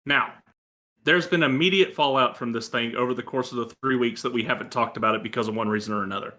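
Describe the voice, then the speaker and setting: A man's voice: mid-range voice, quick pace, pushed and bright. A man co-hosting a casual gaming chat show, wry and joking. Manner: wry, joking, reads quotes aloud. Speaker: podcast co-host.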